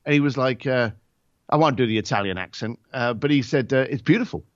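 A man's voice: mid-range voice, brisk, no echo, highs cut off. A man on a podcast telling a story in a blunt, casual way. He swears and acts out both sides of the conversation. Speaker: podcast guest.

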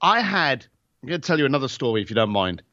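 A man's voice: medium pitch, sing-song, fast talker, pushed and bright, no echo, muffled recording. A man on a podcast telling a story in a blunt, casual way. He swears and acts out both sides of the conversation. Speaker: podcast guest.

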